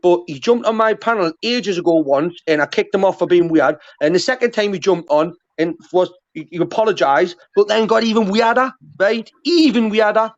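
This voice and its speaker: A man's voice: high-pitched, a little fast, hardly any pauses. A man talking on a livestream panel, rambling and swearing constantly, with many restarts. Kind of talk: heated casual livestream chat. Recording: muffled lo-fi stream audio.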